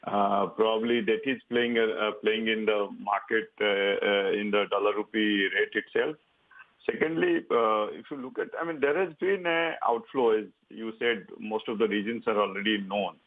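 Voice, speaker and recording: A low-voiced man with an Indian English accent speaks over a thin, phone-like line. He hesitates constantly, filling gaps with "uh" and "you know" as he explains the currency outlook. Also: normal speed. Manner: hesitant, many filler sounds. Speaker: bank treasury advisor, phone guest. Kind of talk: interview answer on currency.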